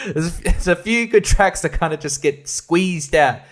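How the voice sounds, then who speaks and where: A man in a casual ranting review, with a voice sitting a little higher than usual for a man. He swears freely, turns sarcastic and often breaks into laughter as he talks. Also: animated, moderate pace, fairly bright tone. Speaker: music reviewer.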